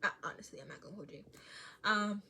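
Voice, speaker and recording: A woman at a middle pitch talks through a casual faith podcast monologue. Her storytelling is animated, with frequent laughs and sudden drops into a hushed whisper. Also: quick pace, slight background noise. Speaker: podcast host.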